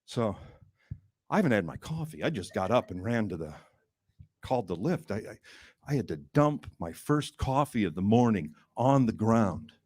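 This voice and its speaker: A male stand-up comedian rambles through a story, his voice swinging widely up and down in pitch. He restarts his phrases and breaks into shouted outbursts. The sound is close and dry on a club stage mic. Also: big pitch swings, normal speed, slightly rough, dry recording.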